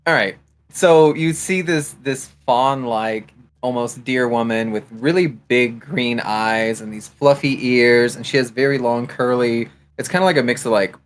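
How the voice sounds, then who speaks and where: A man's voice: mid-range voice, a little hiss or hum. Chatty man player describing characters. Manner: chatty, playful, lots of fillers. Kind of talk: casual chat at a tabletop game.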